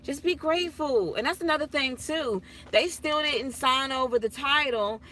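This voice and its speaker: A woman vlogging from inside her car, telling stories to her viewers in a chatty, animated way and laughing often. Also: high voice, normal speed, slight background noise. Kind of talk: casual chat while driving.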